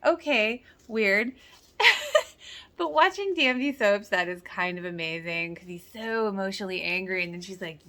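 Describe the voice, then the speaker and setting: A woman talks through a TV episode in a loose, chatty way. She exclaims often and slips into quoting the characters as she reacts. Her voice sits at an ordinary mid pitch. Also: fairly bright tone. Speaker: rewatch reaction host. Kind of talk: casual reaction commentary.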